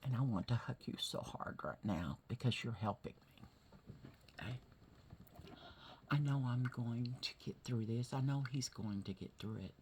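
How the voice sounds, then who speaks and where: A woman talking through a hard day in a vlog, teary and halting, often asking "okay?" and sometimes dropping to a whisper. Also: a bass voice, darkish tone, slight background noise. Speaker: vlogger. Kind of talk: emotional personal vlog.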